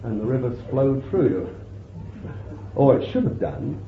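A man preaches slowly, his pitch rising and falling freely as he muses over his text. The recording is thin and phone-like, with a roomy echo around his voice. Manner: slow, unhurried preaching with lively pitch and warm chuckles. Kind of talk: sermon. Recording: roomy, tinny phone-like sound with faint hiss.

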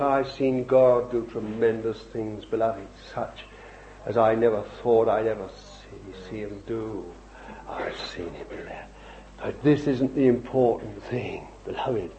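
A man preaching a fervent sermon to an evening meeting, pressing his listeners with repeated questions and swinging from loud cries to hushed asides. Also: medium pitch, steady tone, unhurried, slight background noise. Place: evening meeting in a room with a congregation. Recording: dull lo-fi recording.

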